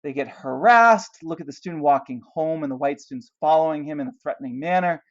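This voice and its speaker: A man delivers a classroom history lecture, walking listeners through pictures and posing rhetorical questions along the way. His voice sits a little high for a man. The recording sounds dull and lo-fi. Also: fairly quick. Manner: explanatory, asks rhetorical questions, points to pictures. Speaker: history teacher.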